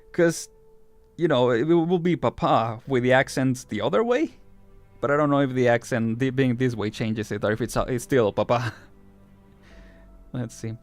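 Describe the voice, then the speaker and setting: A man's voice: mid-range voice, dry recording. A male VTuber streamer chatting casually and curiously as he reads a game story, laughing often. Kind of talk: casual livestream commentary while reading a game.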